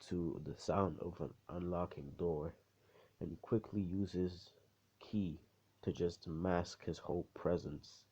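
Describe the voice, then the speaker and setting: A man's voice: low-pitched, gravelly, mellow, breathy edge, highs cut off. A man telling a fan story in a rambling, profane, casual way, full of fillers.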